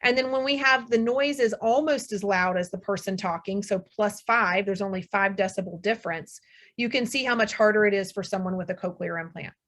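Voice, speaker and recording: A woman's voice: mid-range voice, a little fast, fairly bright tone. Middle-aged woman explaining test scores. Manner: explanatory, reassuring, frequent ums. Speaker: audiologist lecturer. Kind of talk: webinar presentation. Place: room with air conditioner hum.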